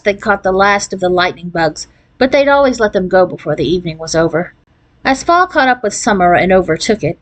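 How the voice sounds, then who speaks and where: A woman reading a children's novel aloud in an expressive storytelling manner, lifting her voice for the characters' lines. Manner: expressive storytelling, raising pitch for quoted voices. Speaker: narrator.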